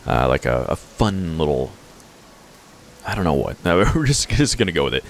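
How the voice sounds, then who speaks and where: A man's voice: very deep voice, sing-song, normal speed, creaky, slight background noise. A man in his twenties doing casual let's-play commentary, reading dialogue aloud with hesitant fillers. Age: 20s. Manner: hesitant with fillers, chuckling asides.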